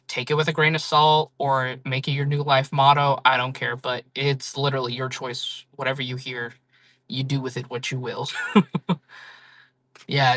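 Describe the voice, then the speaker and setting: A woman hosts a casual livestream, talking frankly to her viewers with a bright, forceful edge. She swears freely and laughs often. The sound is dry and close, with no room around it. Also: a bass voice, dry recording. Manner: blunt, frank talk with frequent laughs and swearing. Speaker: livestream seller chatting with viewers.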